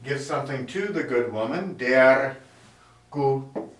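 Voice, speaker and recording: Slow-talking man teaching at a board. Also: medium pitch, animated. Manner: slow, explanatory, writing on a board as he talks. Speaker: German teacher. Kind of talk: classroom grammar lesson. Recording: echoey room, mic far off.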